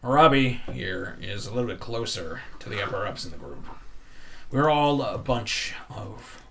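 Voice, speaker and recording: A man voicing a gruff, bitter male dwarf bartender who grows heated. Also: fairly low pitch, expressive, normal speed, fairly bright tone, a little hiss or hum. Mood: angry. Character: gruff middle-aged male dwarf barkeep, angry rebel.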